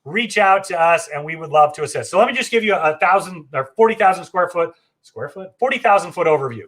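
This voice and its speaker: A fairly high-voiced man talks through a travel live stream in a loose, enthusiastic way. He is chatty and often restarts his sentences and fills pauses with ums and uhs. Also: expressive, fairly bright tone. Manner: chatty, enthusiastic, frequent fillers and self-corrections. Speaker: travel agency host. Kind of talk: casual live stream walkthrough.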